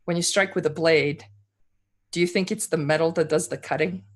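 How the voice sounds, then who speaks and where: Gm doing a detached godlike woman, soft and hushed, eerie calm, tabletop game. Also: medium pitch, a little fast, lightly acted. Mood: soft, cryptic. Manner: soft, quiet delivery. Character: quiet otherworldly chosen woman, detached. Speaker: game master voicing a character.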